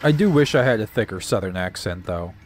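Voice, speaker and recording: Chatty man yelling at a game. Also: lowish voice, animated, brisk, faint music behind. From American South. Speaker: co-host playing a video game. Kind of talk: casual gaming commentary.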